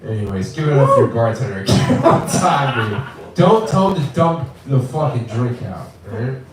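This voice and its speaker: Crude young comic in an echoey bar. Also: male voice, medium pitch, normal speed, background noise. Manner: crude, swearing, deadpan jokes with acted-out voices. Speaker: stand-up comic. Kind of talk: open mic stand-up set. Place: small bar with live audience. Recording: very echoey room from far off.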